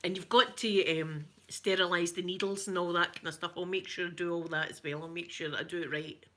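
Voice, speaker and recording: A middle-aged Scottish woman chatting casually with live viewers on an ASMR stream, giggly and rambling, often dropping to soft whispers. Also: fairly low pitch, steady tone, fairly quick. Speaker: ASMR creator.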